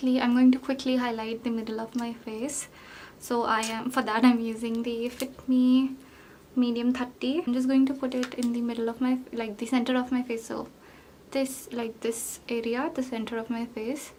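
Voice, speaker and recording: A young woman with a somewhat high voice, chatting her way through a get-ready-with-me makeup routine. She rambles, piles on fillers and pokes fun at herself. Faint noise sits behind her. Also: level tone, moderate pace, darkish tone. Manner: rambling, filler-heavy, self-deprecating. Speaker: beauty vlogger.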